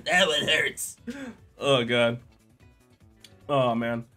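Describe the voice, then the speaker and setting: A man's voice: mid-range voice, fairly even intonation, very slow, bright, forceful tone, faint music behind. A young man streaming, chatting casually, joking and reading chat aloud while editing art.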